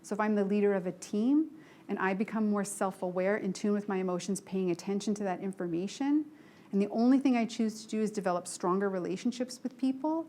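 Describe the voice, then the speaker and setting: Middle-aged woman doing a leadership talk, frank and lively, acts out convos, medium pitch. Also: fairly quick. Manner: lively, frank storytelling with acted-out dialogue. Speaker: leadership speaker. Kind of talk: motivational talk to a live group.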